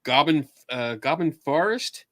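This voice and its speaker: Podcast host, Philly accent, bright tone, lively pitch, casual banter. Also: unhurried, no room sound, studio quality. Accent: Philadelphia. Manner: jokey, self-deprecating, asks loose questions.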